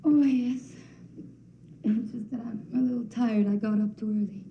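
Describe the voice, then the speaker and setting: An actress playing a young princess in a film drama, speaking softly and intensely, often close to a whisper. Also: female voice, fairly high pitch, fairly even intonation, moderate pace, vocal fry, dull audio, slight background noise. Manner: soft, hushed, intense, often near a whisper. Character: defiant young princess, quietly resolved.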